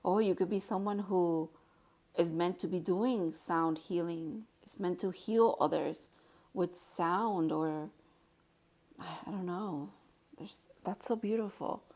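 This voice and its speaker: Excitable woman reading tarot cards. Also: on the low side. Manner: excitable and gushing, exclaiming often; reads card text aloud in a slower, softer voice. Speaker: tarot reader. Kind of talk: casual tarot card reading to viewers.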